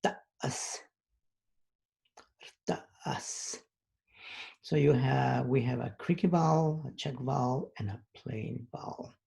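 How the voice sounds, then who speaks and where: Man, language teacher, heavy vocal fry, husky voice, patient explanations, words repeated twice. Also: mid-range voice, dark tone. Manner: patient, explains slowly with many pauses and fillers; repeats each example word twice. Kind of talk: recorded language lesson.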